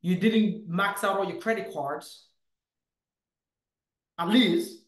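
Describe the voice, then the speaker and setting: A man coaching to camera in a punchy, emphatic way, with lots of "bam" and "boom". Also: takes it slowly, roomy sound, poor audio. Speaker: real estate coach. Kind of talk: motivational teaching to camera.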